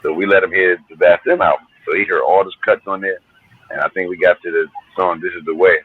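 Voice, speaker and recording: A man's voice: low-pitched, steady tone, fast talker, breathy edge, narrow, tinny audio. A middle-aged man from New Jersey, a hip hop artist telling stories in a laid-back, slangy, profane way. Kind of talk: casual storytelling interview.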